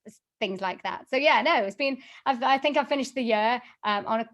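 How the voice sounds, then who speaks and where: A woman's voice: on the high side, a little fast, lo-fi sound. A woman being interviewed on a podcast, speaking casually and with animation, with plenty of fillers and laughs. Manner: chatty and animated, laughs often, many fillers. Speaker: guest, voiceover artist and singer.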